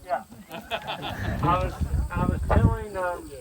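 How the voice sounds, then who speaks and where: A man's voice: high-pitched, slow pace. A man who farms, teaching a group out on a pasture in a folksy, plain-spoken storytelling way. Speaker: farmer teaching a grazing school. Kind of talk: outdoor teaching talk to a group. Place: outdoors on a farm pasture. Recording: loud outdoor noise, far mic.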